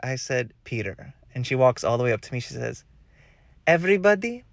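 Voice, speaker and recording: A man's voice: medium pitch, fairly quick, gravelly, dry recording. A young man telling a funny story to camera, laughing often and acting out what people said. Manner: animated, laughs often, acts out quotes. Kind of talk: comic storytelling.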